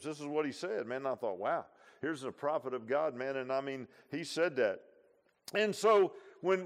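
Preacher, male, folksy sermon with big swings between hollering and near-whispering; slightly high voice. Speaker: pastor. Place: church.

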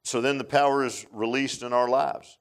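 An animated male pastor delivers a sermon in an informal style. He often repeats words and makes joking asides to the congregation. His voice sits at an ordinary, middle pitch. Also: normal speed, smooth.

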